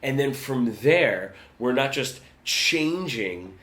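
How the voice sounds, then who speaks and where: A man teaching guitar in a relaxed, conversational lesson, often checking in with "right?". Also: mid-range voice, takes it slowly. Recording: roomy sound with guitar.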